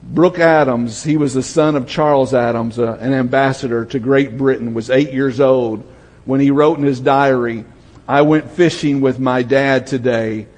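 An older Southern pastor delivers a storytelling sermon in a husky, slightly breathy voice. His words ring out with a long hall reverb, as from a church sanctuary. He drops to a quiet hush when the story turns tender. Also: mid-range voice, fairly even intonation, moderate pace. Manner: storytelling, drops to a soft hush for emotional moments.

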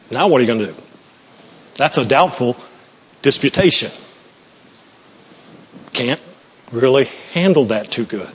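A man's voice: mid-range voice, lively intonation, normal speed, pauses often, slight background noise. A man preaching a sermon in a church, folksy, joking and self-deprecating. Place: church sanctuary. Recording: muffled, with long hall reverb.

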